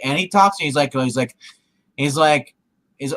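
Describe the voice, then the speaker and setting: A man's voice: a little high, brisk, fairly bright tone, low-quality recording. A man co-hosting a casual show, recapping a TV episode in a rambling way with many restarts. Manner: rambling, many restarts, quotes characters with laughs. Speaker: podcast co-host.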